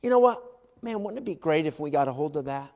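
Pastor guy preaching, kinda high voice, acts out the voices, shouts sometimes, big hall echo. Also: fast. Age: adult parent. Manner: animated, acts out quoted voices, shouts for emphasis. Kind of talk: sermon. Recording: long hall reverb.

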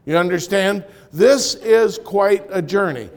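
Man, high voice, pastor, church sermon, animated storytelling, loud then hushed. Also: a little slow. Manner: animated, swings from loud punchlines to quiet asides.

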